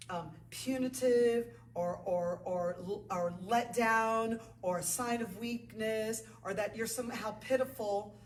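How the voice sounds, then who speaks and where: A woman leading a yoga class, counting poses and breaths and encouraging her students. Her voice sits a little high and comes from some distance off the mic. The echoey studio around her rings. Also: fairly bright tone, a little hiss or hum. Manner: counts out breaths and moves, then encouraging asides. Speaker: yoga instructor. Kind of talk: guided yoga class instruction.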